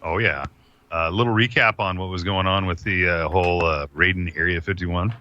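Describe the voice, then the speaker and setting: A man with a very deep voice but a bright, forceful edge co-hosts a casual podcast. He recaps news in a relaxed, offhand way. His audio sounds dull and lo-fi. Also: moderate pace, a little hiss or hum. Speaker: podcast co-host.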